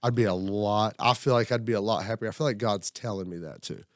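A man with a lowish voice talks fairly quickly about his week at a table, in casual group conversation. He rambles, turns self-reflective, and acts out what other people said, all with studio quality and no room sound.

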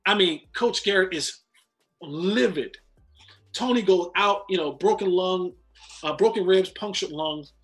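Host, man, high voice, faint music behind, animated storyteller. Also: unhurried. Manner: animated, repeats words when excited. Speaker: podcast host, former football player. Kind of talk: casual storytelling.

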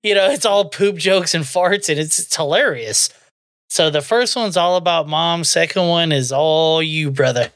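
A man co-hosts a podcast in relaxed, crude banter. He swears constantly and breaks into laughter at his own jokes. The sound is close and dry with no room around it. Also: fairly high pitch, normal speed, no room sound. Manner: profane, joking, laughs often. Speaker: podcast co-host.

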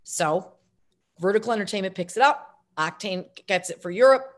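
A middle-aged actress and filmmaker telling stories as an interview guest, lively and self-mocking, jumping between tangents. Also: female voice, mid-range voice, normal speed. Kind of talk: casual interview storytelling.

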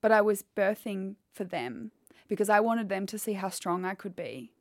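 Woman, low gravelly voice, retelling her story frankly, dry close sound. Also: expressive, moderate pace, darkish tone, dry recording. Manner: candid, quotes others as she retells. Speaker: guest. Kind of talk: emotional personal storytelling.

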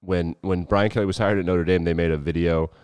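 A man's voice: low voice, fairly even intonation, a little fast, darkish tone, clean tone, dry recording. A man from the Rocky Mountain region hosting a sports podcast in chatty, sarcastic, emphatic casual talk. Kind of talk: casual solo podcast chat.

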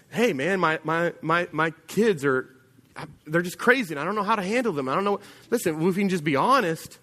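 A pastor preaching a sermon in a church, telling a story conversationally and dropping to a quiet voice for emphasis. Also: male voice, fairly high pitch, long reverb tail.

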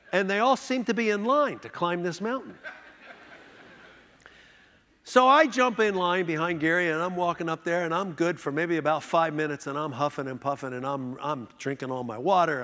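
A man's voice: a little high, moderate pace, a bit bright. A man giving a humorous storytelling talk with self-deprecating comic timing, recorded in a large hall. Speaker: speaker. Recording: long hall reverb.

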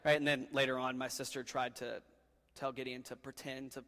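A man's voice: mid-range voice, little pitch movement, a little fast, bright, forceful tone, in a large hall. A man preaching a sermon in a casual, joking way, calling his listeners guys and dude. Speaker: pastor.

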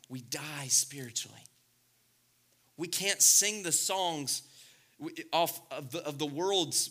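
A middle-aged male pastor preaching a sermon, swinging between loud, excited passages and hushed, intimate ones. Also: a little high.

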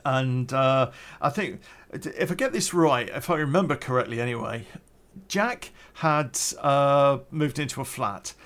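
A middle-aged man tells a personal story in a loose, unscripted way. He rambles, hesitates and circles back over his words, leaning on fillers as he goes. His voice sits at an ordinary, mid-range pitch for a man. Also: a little slow, fairly bright tone. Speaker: podcast storyteller. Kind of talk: casual spoken storytelling.

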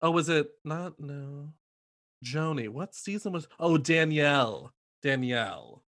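Animated man in gossipy chat. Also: unhurried. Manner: animated, acts out quotes in high mocking voices. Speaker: podcast co-host.

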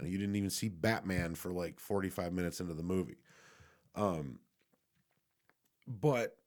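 Rambling through a casual movie review, a young man swears freely and keeps restarting his sentences amid fillers. His voice sits low with a darkish tone.

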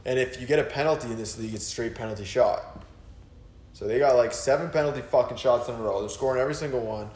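A man's voice: medium pitch, fast talker, darkish tone, reverberant. A man hosting a casual podcast chat, telling a story in a laid-back, swearing way. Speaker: podcast host.

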